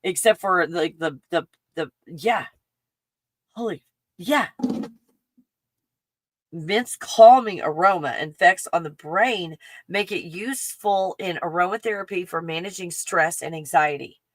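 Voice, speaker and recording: A woman with a Texan accent, hosting a casual livestream and chatting in an excitable, rambling way full of fillers. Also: fairly low pitch, a little slow, no echo. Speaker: livestream host. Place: home in the mountains.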